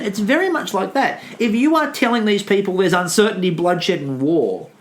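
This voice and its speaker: A man co-hosting a history podcast, talking casually and acting out quotes in a lively way. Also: normal speed, few pauses. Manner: animated, acts out quotes with big pitch jumps. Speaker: podcast co-host.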